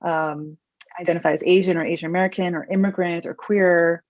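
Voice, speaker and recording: A woman psychologist guest speaking in a thoughtful, measured way, pausing with fillers. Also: lowish voice, fairly even intonation, a little mellow, no room sound. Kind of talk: interview conversation. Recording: muffled dry video-call audio.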